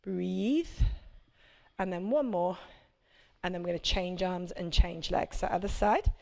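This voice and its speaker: A woman's voice: on the low side, measured pace, gravelly, darkish tone. A woman, a prenatal fitness instructor, coaching a live workout class with chatty, encouraging cues and check-ins.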